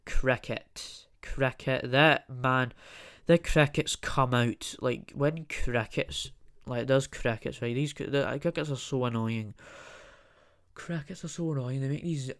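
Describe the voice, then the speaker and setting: A man's voice: medium pitch, a little slow. A young adult man hosting a solo podcast, rambling and ranting jokingly, with frequent swearing. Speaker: podcast host.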